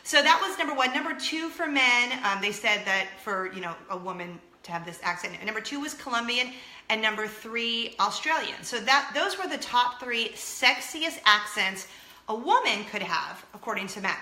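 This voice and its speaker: Gushy lady vlogging, bright sharp voice in an echoey room. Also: on the high side, lively intonation, moderate pace. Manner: bubbly, gushing, talks to viewers directly. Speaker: vlog host. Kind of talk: chatty solo vlog.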